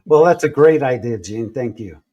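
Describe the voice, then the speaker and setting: A man telling personal stories in a relaxed interview, acting out the people he quotes as he goes. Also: medium pitch, normal speed, breathy edge, dull audio. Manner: animated storyteller acting out quoted voices. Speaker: guest. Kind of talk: storytelling in a conversational interview.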